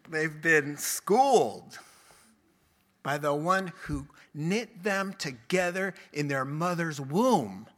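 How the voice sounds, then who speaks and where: A man preaching a sermon, telling Bible stories with lively acted quotes and laughing along the way. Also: on the high side, slow pace.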